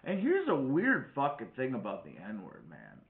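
A man's voice: mid-range voice, wildly swooping pitch, normal speed, gravelly. A middle-aged man from Wisconsin rambles through a profane story in casual chat. His voice sits in the middle range. The sound is echoey and tinny, like it was captured over a phone line.

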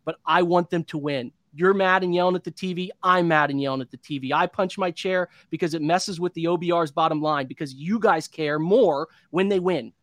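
A man's voice: on the high side, a little fast, hardly any pauses, a bit bright, no echo, studio quality. A man in his thirties hosting a postgame sports show, venting in an impassioned, repetitive rant. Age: 30s. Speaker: podcast host.

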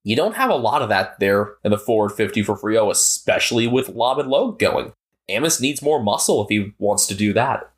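A man's voice: lowish voice, expressive, a little fast. An American man co-hosting a podcast, chatting casually and analytically about football. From United States. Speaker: podcast co-host. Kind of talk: casual sports chat.

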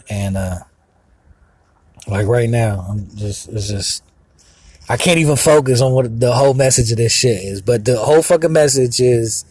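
Profane, agitated husky-voiced man. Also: fairly low pitch, a little mellow, no echo. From Mexican heritage. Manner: profane, agitated, rambling with many fillers. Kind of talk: rambling profane monologue. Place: outdoors, sitting in a car.

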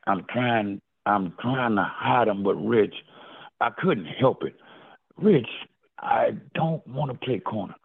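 An older man, a former football player, telling stories in a casual interview with lively, animated delivery and repeated address of the host. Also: fairly low pitch, takes it slowly, creaky, breathy edge. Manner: animated storyteller who keeps addressing the host by name. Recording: phone-like, lo-fi line.

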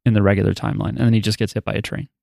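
A man's voice: fairly low pitch, flat delivery, rapid-fire, vocal fry, a little mellow, no echo, studio quality. A man co-hosting a podcast, chatting in a loose, rambling way and cursing casually. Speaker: podcast co-host. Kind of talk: casual chat.

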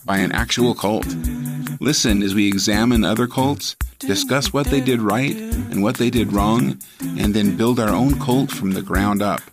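A man's voice: fairly low pitch, moderate pace. A man reading a podcast's introduction as the show's host. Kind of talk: show intro announcement. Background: music.

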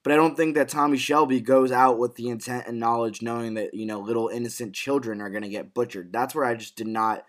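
A man co-hosting a casual podcast, recapping a TV episode in an excitable, profanity-laced way with frequent restarts. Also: mid-range voice, quick pace, hardly any pauses. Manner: excitable, swears freely, restarts phrases often. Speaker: podcast co-host.

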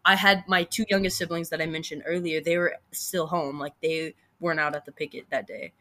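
Woman, 20s, podcast guest; bright, frank, casual storyteller. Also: low voice, steady tone, a little fast. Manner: frank, casual, swears freely. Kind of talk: candid personal storytelling.

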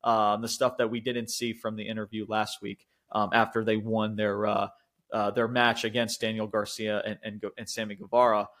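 A man's voice: fairly low pitch, moderate pace. A young man co-hosting a podcast, recapping events in loose, rambling casual chat full of fillers, swearing and frequent laughs. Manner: animated retelling, laughs often. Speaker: podcast co-host.

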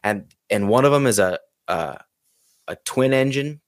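A man, a guest pilot, telling a story in a casual, animated way and acting out the lines people said. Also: mid-range voice, unhurried, no echo. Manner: animated, acts out his own and others' quoted lines. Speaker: podcast guest, pilot and video creator.

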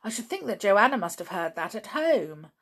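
A woman's voice: medium pitch, sing-song, moderate pace, fairly bright tone. A woman voicing a fussy, genteel motherly aunt in a children's storybook.

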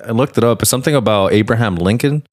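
A man's voice: fairly low pitch, fast talker, dry recording, clean studio sound. A man co-hosting a podcast who rambles in laid-back, profane asides. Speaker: podcast co-host. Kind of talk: casual chat.

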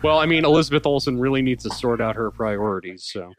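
A man's voice: medium pitch, lively intonation, fast, rough recording. A man in a casual chat who rambles and fills his talk with "like".

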